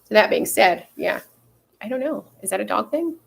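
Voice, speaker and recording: A young adult woman vlogs in casual chat, rambling and swearing freely with lots of fillers. Her voice is medium-pitched, creaky, and slightly rough, with lively intonation at a moderate pace.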